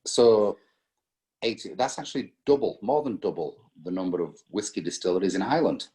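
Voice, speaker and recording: Deep-voiced man, halting storyteller. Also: animated, warm tone. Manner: hesitant, many fillers and restarts, storytelling. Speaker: spirits importer guest. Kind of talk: casual interview conversation.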